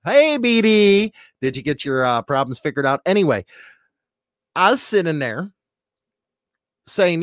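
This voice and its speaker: A middle-aged man hosting a casual show, rambling and joking crudely, with sudden swings from shouting to mumbling. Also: a little high, sing-song, unhurried, pauses often, dry recording, clean studio sound. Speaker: radio-style show host. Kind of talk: casual rambling monologue to a live chat.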